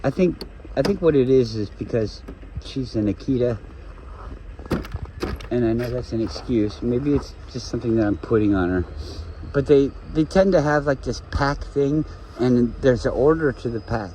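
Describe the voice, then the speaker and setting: A man's voice: medium pitch, normal speed, noisy background. A man vlogging on a walk outdoors with his dogs, rambling and joking, breaking off to talk to his dog. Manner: rambling, jokey, talks to his dog mid-sentence. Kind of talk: rambling casual talk to camera.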